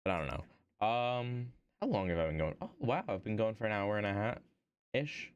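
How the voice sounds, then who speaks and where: A man's voice: lowish voice, moderate pace, clean tone, dull audio. A young man streaming while he works on an art piece, rambling casually and playfully as if half talking to himself. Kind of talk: casual chat while working.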